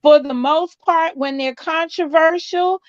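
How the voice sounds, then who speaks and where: Slow-talking high woman, dull dry sound. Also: no echo. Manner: measured, pointed questions. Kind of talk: slow deliberate panel talk.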